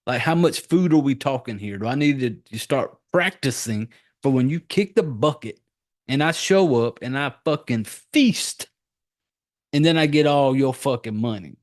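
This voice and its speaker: A man's voice: mid-range voice, lively intonation, normal speed. A man in his forties, a podcast host, giving a rambling, profane casual recap of a movie.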